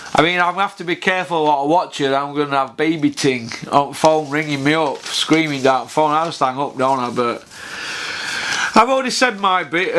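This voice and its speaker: A man's voice: a little high, fairly bright tone. A man, ranting bluntly to camera about boxing and swearing freely on a casual vlog. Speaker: boxing vlogger.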